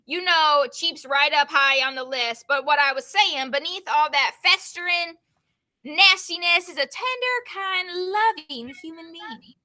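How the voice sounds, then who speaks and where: A joking male jazz musician with a playful, slangy drawl, as a woman reads him aloud. The voice sits high and rings bright and forceful, heard over a video call. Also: unhurried. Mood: teasing.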